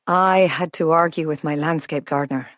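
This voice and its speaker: A woman voicing a friendly, teasing, self-made wealthy Irish man in an audiobook, speaking softly. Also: deep voice, steady tone, moderate pace, dry recording, clean studio sound, lightly acted. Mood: wry. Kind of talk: audiobook character voice.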